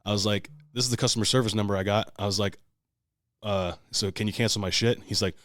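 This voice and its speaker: A man's voice: fairly low pitch, steady tone, fast talker, fairly bright tone, no echo. A man co-hosting a podcast, telling a long story in casual, profane, heated talk. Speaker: podcast co-host.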